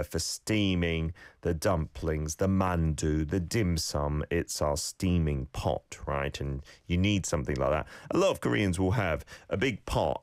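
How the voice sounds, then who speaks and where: A man's voice: low-pitched, no echo, clean studio sound. A man hosting a radio language lesson, coaching listeners on their pronunciation with friendly feedback. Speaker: radio host teaching Korean.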